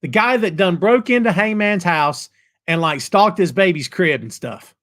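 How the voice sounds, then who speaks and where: A man's voice: high voice, moderate pace. A middle-aged man hosting a live wrestling talk show, folksy and jokey as he banters with viewers. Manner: animated, folksy, jokey banter with chat readers. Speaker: podcast host.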